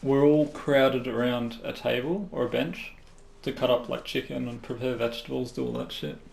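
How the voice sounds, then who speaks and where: A man's voice: medium pitch, fairly even intonation, normal speed, creaky, a little mellow. A young man casually telling a rambling story over game voice chat, laughing as he goes. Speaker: gamer in party chat. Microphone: headset over voice chat.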